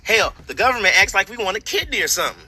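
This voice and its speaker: Fed up guy cussing about the system, sharp bright voice, light music behind. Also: high voice, animated, fast talker, slightly rough. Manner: angry, profane, cynical. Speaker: vlogger. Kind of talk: venting monologue.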